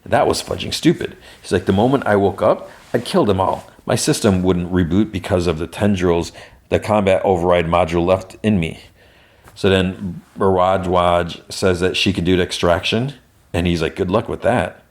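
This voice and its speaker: A man with a very low, deep voice talks loosely through a TV episode recap. He restarts his sentences often and slips in quick quoted lines from the characters as he goes. He speaks in an unhurried, conversational way as a podcast host. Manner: rambling, many restarts, quotes characters in passing.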